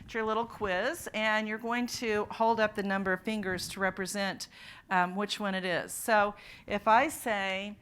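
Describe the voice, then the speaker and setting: A woman's voice: medium pitch, steady tone, measured pace, a bit bright, a little hiss or hum. A woman presenting a phonics workshop at a conference, quizzing her audience of teachers. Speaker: literacy presenter. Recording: conference talk in a hall.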